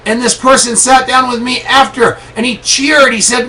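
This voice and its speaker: A man's voice: extremely high pitch, level tone, normal speed, pushed and bright, poor audio. A middle-aged man hosting a motivational call, emphatic and preachy, repeating his lines for effect. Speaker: network marketing leader hosting a motivational call. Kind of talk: motivational pep talk.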